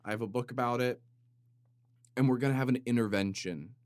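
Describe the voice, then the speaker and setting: A man's voice: mid-range voice, brisk, a little mellow, no room sound, clean studio sound. A man hosting a podcast in a casual comedic monologue, rambling, cutting himself off and building jokes with mock drama. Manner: rambling, self-interrupting, jokey and dramatic. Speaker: podcast host. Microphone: studio microphone with compressor.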